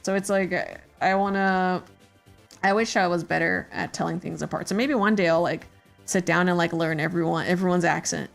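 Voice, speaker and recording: A woman's voice: fairly low pitch, fairly even intonation, normal speed, vocal fry, faint music behind. A woman streamer chatting casually while she draws, rambling with many fillers and hesitations. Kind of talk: casual chat while drawing.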